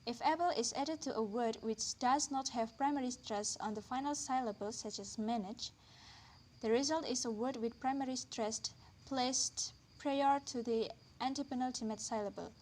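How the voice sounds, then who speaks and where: A woman reading a linguistics lesson aloud in a careful, deliberate way, slowing down on the example words. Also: a little high, a little mellow, a little hiss or hum. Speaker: lecturer.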